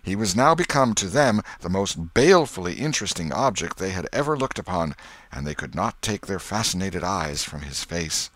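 Low-voiced guy reading a novel aloud, really animated delivery, dry close sound. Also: normal speed, no echo. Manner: expressive, dramatic reading. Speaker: audiobook narrator. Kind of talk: scripted narration of a classic novel.

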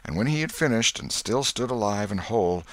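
Deep-voiced expressive male audiobook narrator. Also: fairly quick, dry recording. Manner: expressive, dramatic reading. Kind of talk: scripted narration of a classic novel.

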